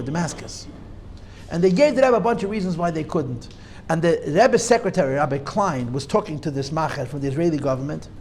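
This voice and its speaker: A rabbi with a high voice teaches a Torah class, emphatically repeating key points and arguing back and forth with his students. A little hiss or hum is audible.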